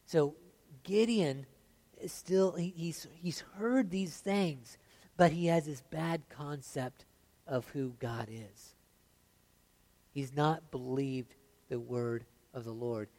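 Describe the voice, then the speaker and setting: A pastor with a slightly high voice preaches a sermon, reading scripture aloud with rising intensity. He drops into soft, confiding asides and often stammers and restarts.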